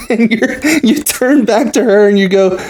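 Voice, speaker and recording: A man hosting a podcast, telling a story in a casual, animated way and laughing often. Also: high voice. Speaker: podcast host. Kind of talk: casual chat.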